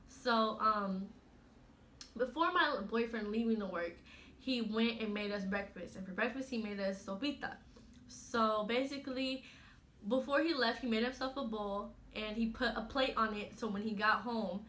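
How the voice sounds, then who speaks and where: A woman's voice: on the high side, normal speed, a bit bright. A girl in her late teens telling her own story to camera in a chatty way, full of "you know" and fillers. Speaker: vlogger.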